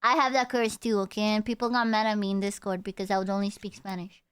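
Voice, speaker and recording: A woman's voice: mid-range voice, fairly even intonation, fast talker, clear, resonant tone. A young woman streamer chatting casually with her viewers. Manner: chatty, talks to chat, trails off and restarts. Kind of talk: casual live-stream chat.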